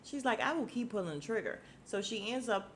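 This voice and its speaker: Animated slangy woman recapping a show. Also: on the high side, fairly quick, a little hiss or hum. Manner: animated, slangy, acts out characters' lines, laughs often. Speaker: podcast host recapping a TV episode. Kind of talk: casual episode recap.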